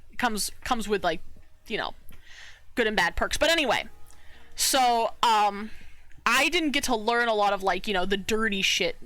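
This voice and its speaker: A woman's voice: mid-range voice, animated, normal speed, long pauses, pushed and bright, no echo. A young woman streaming while she draws, chatting casually in a bubbly, giggly way and sometimes muttering to herself.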